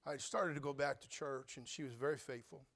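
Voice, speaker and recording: A man preaching a sermon, telling his own story with humor and big swings between loud and quiet. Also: medium pitch, fairly quick, creaky. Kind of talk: sermon testimony.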